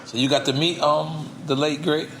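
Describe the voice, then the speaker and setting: A man's voice: a little high, flat delivery, normal speed, a bit bright, slight background noise. A man co-hosting a podcast interview, asking questions and reacting often with short interjections. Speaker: podcast co-host. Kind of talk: interview banter.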